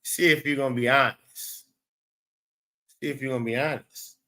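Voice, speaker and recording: A man's voice: medium pitch, fairly even intonation, normal speed, sharp tone. A man hosting a live stream, rambling, profane and blunt as he talks back to his chat. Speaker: livestream host.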